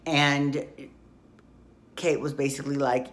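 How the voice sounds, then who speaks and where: Low-voiced woman with a blunt, chatty recap. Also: expressive, unhurried, a bit bright. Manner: chatty and blunt, swears freely. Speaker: soap opera recap host. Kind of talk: casual podcast recap.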